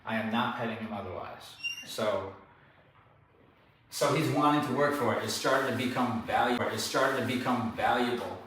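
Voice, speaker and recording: A man's voice: medium pitch, normal speed, noisy background. A man working as a dog trainer, explaining the training step by step and often checking in with "okay?" and "all right?". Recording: very echoey, distant mic, faint background.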